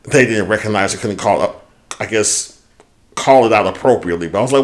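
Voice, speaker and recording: A man co-hosting a podcast, telling a story in casual chat, animated and swearing freely as he goes. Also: lowish voice, brisk. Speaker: podcast co-host.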